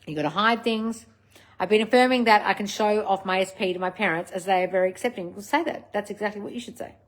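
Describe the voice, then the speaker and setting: Woman live-streaming, reading comments, blunt n sweary, bossy coach vibe, mid pitch. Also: fast talker. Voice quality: blunt, swears freely, scolding coach manner. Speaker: livestream host answering viewer comments.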